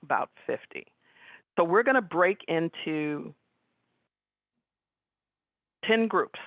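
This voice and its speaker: A woman's voice: on the low side, a little slow, dry recording. Middle-aged woman presenting on a webinar, chatty storyteller, dry tinny phone-ish audio. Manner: conversational, animated storyteller. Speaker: guest speaker. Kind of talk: webinar presentation with personal stories. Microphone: video call.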